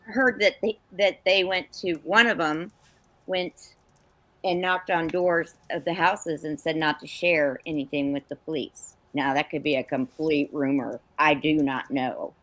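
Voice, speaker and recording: Brief: female panelist, lowish voice, tentative, corrects herself often. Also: fairly even intonation, a little slow, fairly bright tone, no echo, rough recording. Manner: hesitant, many fillers and self-corrections. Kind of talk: casual panel discussion.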